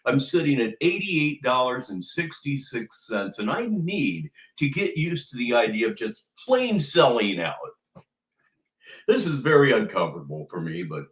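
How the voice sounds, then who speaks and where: A man hosting a commentary livestream, speaking in a wry, mocking and deliberate way. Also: mid-range voice, big pitch swings, fairly bright tone, roomy sound. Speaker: livestream host.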